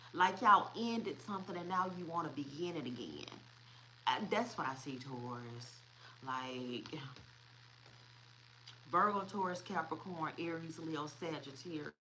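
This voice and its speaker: Chatty tarot-reading woman, low voice. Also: measured pace, sharp tone, a little hiss or hum, rough recording. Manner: chatty, repeats herself, laughs often. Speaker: tarot reader.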